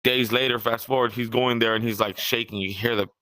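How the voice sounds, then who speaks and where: A man's voice: mid-range voice, fairly even intonation, fairly quick, pushed and bright. A young man from California co-hosting a podcast, rambling in casual chat, swearing freely and often restarting his sentences. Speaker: podcast co-host.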